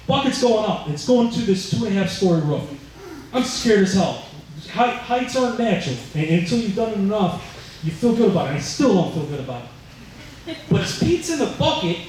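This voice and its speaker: A firefighter with a fairly high voice tells firehouse stories at a dedication, acting out the other people's voices as he goes. The sound comes from far off in a very echoey hall, with faint noise underneath. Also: very animated, moderate pace, a little mellow. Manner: storytelling, acting out voices in quotes. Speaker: firefighter giving a dedication speech. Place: large indoor room at a fire training center.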